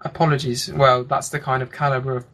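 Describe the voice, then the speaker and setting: A man commentating a live online game match, talking quickly with lots of fillers. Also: mid-range voice, level tone, a bit bright. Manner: rapid play-by-play with frequent fillers. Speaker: esports commentator.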